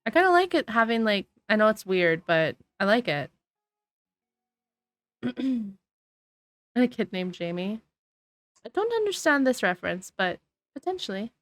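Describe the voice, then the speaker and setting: A woman's voice: medium pitch, sing-song, measured pace, pauses often, a bit bright, dry recording. Sleepy, sniffly woman streamer. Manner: chatty, reads and answers chat. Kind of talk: casual gameplay commentary. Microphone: desk microphone.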